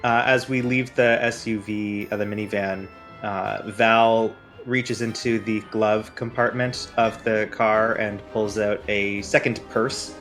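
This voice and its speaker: A man's voice: on the low side, fairly even intonation, measured pace, fairly bright tone, soft background music. A man playing a tabletop game, narrating his character's actions in a descriptive way and correcting himself as he goes. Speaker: player.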